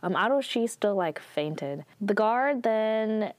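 A woman's voice: medium pitch, animated, takes it slowly, no echo. A young woman casually recapping a story, chatty and full of "like" fillers. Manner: chatty, heavy use of "like" fillers. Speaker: show recapper.

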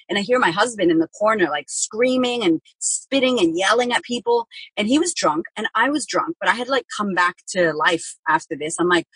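A woman's voice: mid-range voice, expressive, a little fast, hardly any pauses, fairly bright tone, husky, dry recording, poor audio. A woman speaking as a guest on a podcast, telling a personal story frankly and vividly, acting out what she said back then and swearing casually. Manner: frank and vivid, acts out her own past words, swears casually.

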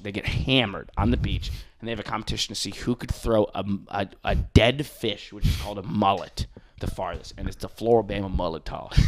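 A man from New York telling stories in casual comedic podcast chat, swearing freely and acting out hecklers in loud voices. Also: mid-range voice.

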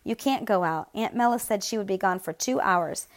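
A woman's voice: mid-range voice, normal speed, close to an everyday voice. A woman voicing a jealous older boy who sulks and taunts, reading from a storybook. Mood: bossy. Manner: sulky, taunting.

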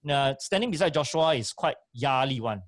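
A man's voice: medium pitch, animated, normal speed, dry recording, studio quality. A man giving emphatic, repetitive speaking advice on a talk show, with frequent fillers. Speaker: voice and speaking coach.

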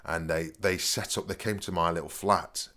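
A man's voice: low-pitched, steady tone, moderate pace, sharp tone. A man telling a rambling story in casual chat, full of stammering restarts and "you know what I mean". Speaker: podcast co-host.

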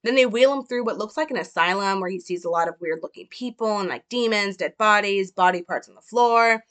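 A young woman with a mid-range, slightly bright voice talks a little fast while casually analyzing a film. She is a chatty film commentator who hedges and uses many fillers.

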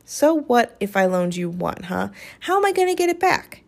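A woman reading aloud, voicing a wary, sharp-tongued schoolgirl who talks skeptically and brusquely. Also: fairly high pitch, big pitch swings, moderate pace, vocal fry. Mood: impatient.

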